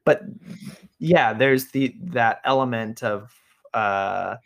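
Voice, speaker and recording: A man's voice: medium pitch, slow pace, creaky. Hesitant man with mid-range voice. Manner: thoughtful, hesitant, many fillers. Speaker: podcast co-host. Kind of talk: casual film review chat.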